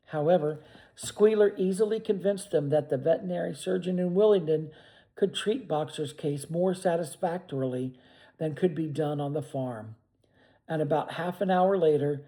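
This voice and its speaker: A man narrating a book aloud in a steady, measured reading voice. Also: a little high, rough recording. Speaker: reader of books. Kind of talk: audiobook narration.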